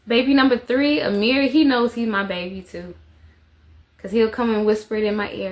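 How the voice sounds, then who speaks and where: A woman's voice: fairly high pitch, fairly even intonation, normal speed. A woman, telling a story to the camera in a chatty way and repeating phrases for emphasis. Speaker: vlogger, mother of four.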